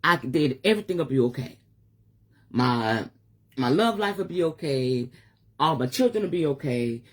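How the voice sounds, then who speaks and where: Middle-aged woman, spiritual advisor, open-hearted live-stream monologue with a breathy, husky edge. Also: rumbling low, expressive, normal speed. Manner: candid and emotional, swears casually.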